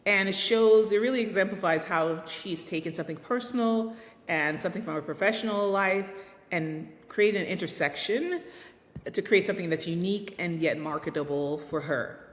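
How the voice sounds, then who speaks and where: Chatty woman vlogger in a reverberant room. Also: fairly bright tone. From United States. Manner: chatty, encouraging, asks the viewer questions. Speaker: vlog host. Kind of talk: casual advice talk to camera. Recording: long reverb, faint rumble.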